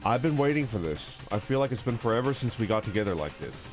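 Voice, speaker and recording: Goofy male streamer, lively voice. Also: on the low side, fast. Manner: goofy, laughing, jumps between silly voices and reading. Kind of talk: casual game stream commentary and reading dialogue aloud. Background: game music.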